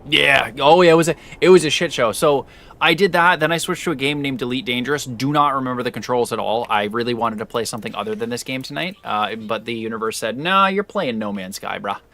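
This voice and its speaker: This young streamer's voice is mid-range and steady, delivered fast with a slightly bright edge. He chats casually with his audience while playing, rambling along and correcting himself, speaking directly to chat.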